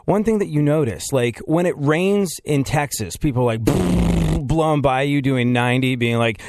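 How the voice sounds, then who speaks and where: A man's voice: on the high side, animated, moderate pace, darkish tone, no room sound, clean studio sound. A man hosting a casual podcast chat, rambling through stories and laughing often.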